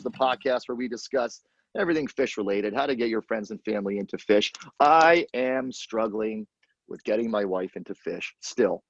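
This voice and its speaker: Male podcast host, low husky voice, animated storyteller, dull dry recording. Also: normal speed, no echo, soft background music. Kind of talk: casual podcast chat.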